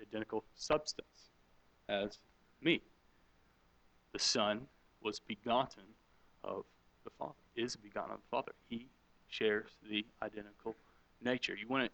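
A middle-aged man with a bright, forceful voice teaches a Bible class in a conversational sermon. He puts questions to the listeners and picks up on their answers. The sound is close and dry, with little room echo. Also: medium pitch. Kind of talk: interactive sermon with audience questions.

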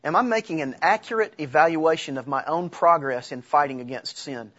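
A man's voice: on the high side, fairly quick, sharp tone, dull audio. A middle-aged male pastor preaching conversationally, asking the audience questions and using humor. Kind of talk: sermon.

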